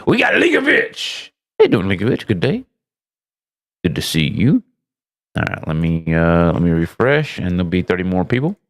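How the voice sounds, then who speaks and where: Gravelly man with wildly swooping pitch. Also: sing-song, moderate pace, long pauses. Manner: greets chat loudly with big swooping pitch jumps; rambling, profane, self-mocking asides. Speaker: livestream host. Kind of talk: casual live-stream chat.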